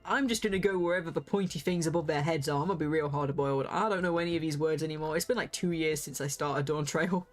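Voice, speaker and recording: A young woman streaming a game, chatting casually and excitably, sometimes swearing. Her voice jumps high when she gets worked up, and soft music plays behind her. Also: quick pace, few pauses. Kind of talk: casual gaming livestream chat.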